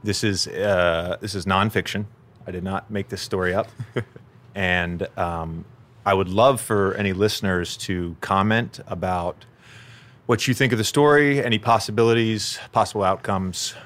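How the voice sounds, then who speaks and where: A man hosting a podcast, telling stories in a relaxed, rambling way that often corrects itself mid-sentence. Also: deep voice, moderate pace. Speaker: podcast host. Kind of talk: casual storytelling chat.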